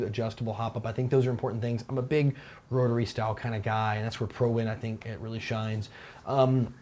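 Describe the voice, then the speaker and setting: Rambling male airsoft show host. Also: medium pitch. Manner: relaxed, rambling, with fillers and restarts. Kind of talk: casual Q&A chat. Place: Taiwan.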